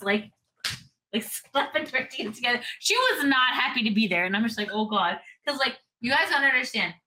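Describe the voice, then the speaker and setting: Bright, rambling woman podcast co-host. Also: fairly high pitch, poor audio. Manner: rambling storyteller, full of "like" and restarts. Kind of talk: casual chat.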